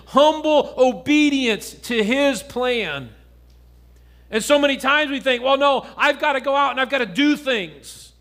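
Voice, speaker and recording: High-voiced earnest male preacher. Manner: earnest preaching with pauses, drops to a soft low voice for stories and scripture. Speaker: pastor. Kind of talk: sermon. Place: church.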